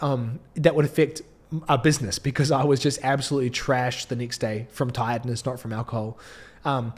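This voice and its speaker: A man's voice: fairly high pitch, a little mellow. A man in his thirties with a New Zealand accent, speaking to camera as a business coach in an earnest, preachy way, often restarting his sentences. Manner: earnest, preachy, with frequent restarts and light laughs. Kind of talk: direct-to-camera motivational talk. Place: indoor filming setup.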